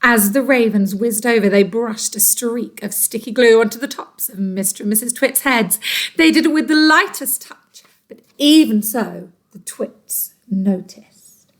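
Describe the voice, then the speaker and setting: A teacher reading a storybook aloud to children, expressive and dramatic. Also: female voice, a little high, a little slow.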